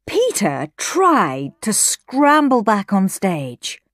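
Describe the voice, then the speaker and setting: A woman reading a children's story aloud with an expressive manner and voices for the characters. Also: medium pitch, drawn-out words, dry recording, studio quality.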